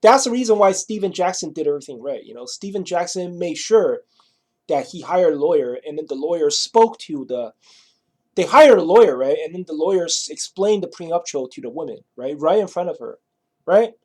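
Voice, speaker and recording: A man's voice: on the high side, expressive, a little fast, darkish tone. A man spins a long, rambling story in a loose, casual way. He swears freely and keeps checking in with "right?" and "you know?" as he goes. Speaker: vlogger.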